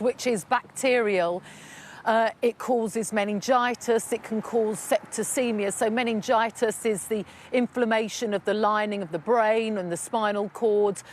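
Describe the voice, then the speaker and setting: A woman reporting live from outdoors on location, explaining clearly and informatively. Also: on the high side, slight background noise. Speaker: news reporter.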